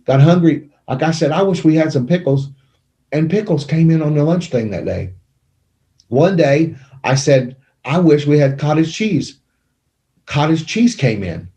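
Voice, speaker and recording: Man, middle-aged, dark mellow voice, emotional storytelling, studio mic. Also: on the high side, expressive, measured pace. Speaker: guest telling his testimony. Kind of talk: conversational testimony. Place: small media studio. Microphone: studio microphone.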